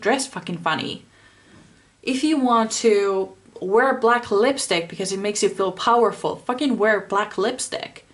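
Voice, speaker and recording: A woman's voice: mid-range voice, unhurried. A woman giving a pick-a-card tarot reading, speaking straight to the viewer, blunt and impassioned, swearing freely.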